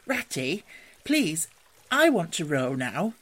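A man voicing an eager, earnest young male mole in a storybook reading, with a high, pleading voice. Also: sing-song, slow, fairly bright tone, exaggerated voice.

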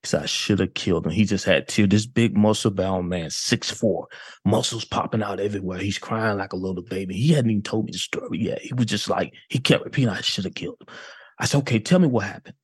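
A man's voice: on the low side, quick pace, husky, dry recording, studio quality. A man, a detective, telling a case story in a casual way and acting out what people said. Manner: animated retelling with quoted dialogue. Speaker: detective guest.

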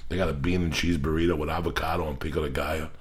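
A man hosting a casual podcast, telling profane, animated stories and acting out the quotes. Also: a bass voice, rapid-fire. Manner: profane storyteller, acts out quotes. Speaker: podcast host. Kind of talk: casual chat. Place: Los Angeles area.

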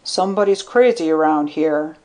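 A woman voicing a fat, brash man who talks in a loud, blunt drawl. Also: deep voice, normal speed, natural voice. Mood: baffled.

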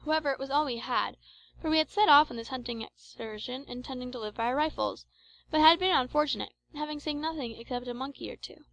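A woman narrating an adventure novel in a measured, expressive audiobook reading. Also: sits high, low-quality recording.

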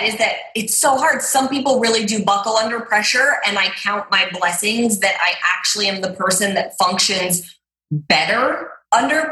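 A woman's voice: a little high, sharp tone. A woman guest telling her story in a casual interview, chatty and full of filler words. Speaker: guest, fitness trainer. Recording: roomy echo.

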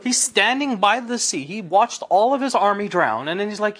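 A man giving a conversational Quran class, lively and chatty, asking rhetorical questions with casual asides. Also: high-pitched, normal speed. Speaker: Islamic teacher. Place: indoor class.

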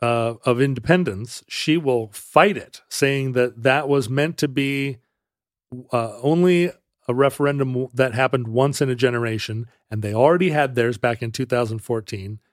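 A man in middle range co-hosts a podcast, telling a history tale in a casual, meandering way. He pauses, restarts and hedges often, with a wry turn. The sound is dry and close, with no room around it. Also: mid-range voice, no echo. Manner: halting, many restarts and fillers, wry. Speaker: podcast co-host. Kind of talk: casual conversational storytelling.

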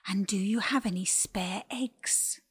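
A woman voicing a sly, hungry male bull snake who asks politely for birds to eat. She speaks softly and draws out her words. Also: medium pitch, slow pace, breathy edge. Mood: politely eager.

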